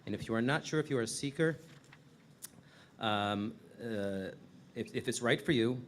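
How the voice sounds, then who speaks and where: A man's voice: medium pitch, moderate pace, a little hiss or hum. Casual man reading announcements. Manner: casual, with fillers. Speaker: congregation announcer.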